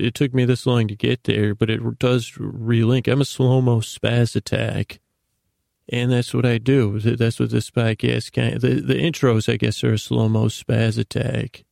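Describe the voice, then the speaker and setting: Podcast host, male, creaky voice, dry close sound, meandering self-deprecating monologue. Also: mid-range voice, darkish tone, no room sound. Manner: meandering, self-deprecating, stumbles and repeats words. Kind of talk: rambling bedtime monologue.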